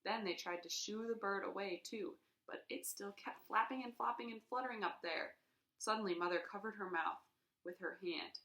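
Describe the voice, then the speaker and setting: A woman reading a children's chapter book aloud in an expressive way, acting out the sound effects. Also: medium pitch, normal speed, echoey room. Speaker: reader.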